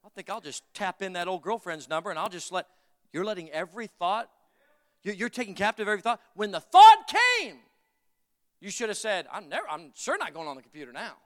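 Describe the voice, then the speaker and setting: A man's voice: high-pitched, fast talker, a bit bright. A male pastor preaching a fervent sermon, repeating phrases and calling for amens from the congregation. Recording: long reverb of a large hall.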